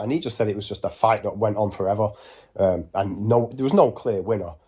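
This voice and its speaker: Forties male ex-con, husky and low, tells it straight in a loose, wandering way. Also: a little mellow. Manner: blunt, rambling, matter-of-fact. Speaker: former prisoner telling stories. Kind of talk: casual spoken storytelling.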